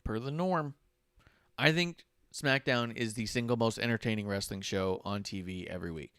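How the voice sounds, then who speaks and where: A podcast co-host recaps wrestling in casual chat, animatedly acting out wrestlers' lines in exaggerated voices. His fairly low, smooth voice moves at normal speed, recorded dry at studio quality.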